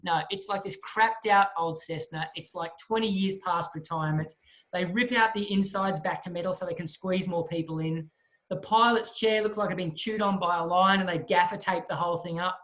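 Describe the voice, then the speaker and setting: A man, a guest speaker telling a lively story in a talk and acting out the people in it. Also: sits high, moderate pace. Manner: lively storyteller who acts out the voices of the people in his story.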